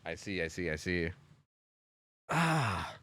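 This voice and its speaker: A man's voice: low-pitched, big pitch swings, slow pace, sharp tone, dry recording. A young man streaming and chatting casually, rambling with lots of fillers and casual swearing. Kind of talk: casual chat on a game stream.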